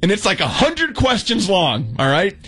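A young adult man telling a story in casual chat, animated and acting out the quotes, with many restarts. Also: high-pitched, normal speed, slightly rough, faint music behind. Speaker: storyteller guest.

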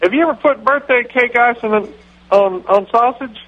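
A man voicing a dim, rambling football coach who talks in a slow, dopey drawl. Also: extremely high pitch, a bit bright, highs cut off. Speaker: impression on a radio comedy bit.

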